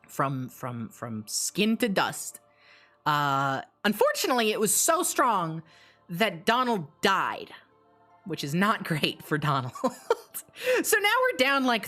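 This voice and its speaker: Lady streamer rattling off a story, lively swoopy voice, cussing a lot, faint music behind. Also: mid-range voice. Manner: animated, swearing, rapid asides and restarts. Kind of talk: casual live-stream storytelling.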